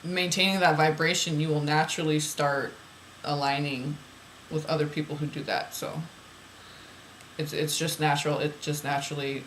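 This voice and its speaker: A woman's voice: sits low, flat delivery, moderate pace, a bit bright, slight background noise, poor audio. A woman reading oracle card messages aloud, then musing about them in loose, rambling asides that repeat phrases.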